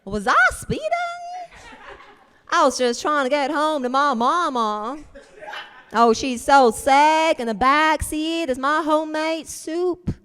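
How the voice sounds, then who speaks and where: Lady doing a high drawly southern belle act, sugary and slow, echoey club. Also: a bit bright. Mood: pleading. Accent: put-on American Southern. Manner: sugary, drawn-out pleading. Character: flustered New York woman faking a Southern belle. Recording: reverberant comedy club.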